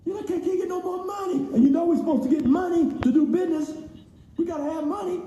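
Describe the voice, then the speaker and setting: A man's voice: very high voice, quick pace, warm tone, slight background noise, pitched above the performer's own voice. A man voicing a frantic, whining customer who scolds his failed company, in an echoey room. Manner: exasperated, whining.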